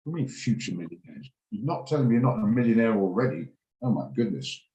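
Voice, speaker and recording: A man's voice: lowish voice, big pitch swings, fast, dark tone, reverberant, poor audio. A man hosting a live trading session over a video call, chatty and joking, with frequent fillers and restarts. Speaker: trading room host.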